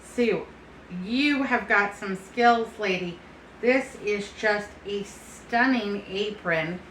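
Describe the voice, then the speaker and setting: A woman's voice: medium pitch, slow, a bit bright, a little hiss or hum. Chatty woman in an echoey room. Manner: chatty, affectionate, calls people honey and baby. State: unsteady and foggy-headed. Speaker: vlogger. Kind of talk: casual chat to camera.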